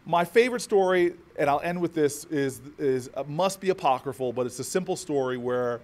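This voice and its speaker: A man's voice: fairly high pitch, lively intonation, normal speed, darkish tone. A man from New Jersey giving an inspirational keynote speech, oratorical with rhythmic repetition and humorous asides. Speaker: keynote speaker.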